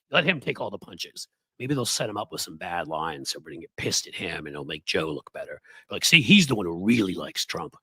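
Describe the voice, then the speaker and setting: Husky guy doing a sarcastic political rant, voice jumping all over, dry close mic. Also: a bit bright, no echo. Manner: sarcastic, heated, swinging pitch. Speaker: political commentator and host. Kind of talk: ranting political commentary.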